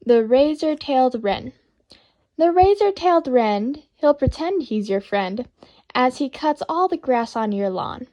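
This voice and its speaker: A woman with a bright, high-pitched voice reads children's poetry aloud. Her delivery is playful and sing-song, rising and dipping with each rhyme. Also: expressive, measured pace, lo-fi sound. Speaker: reader of children's poems.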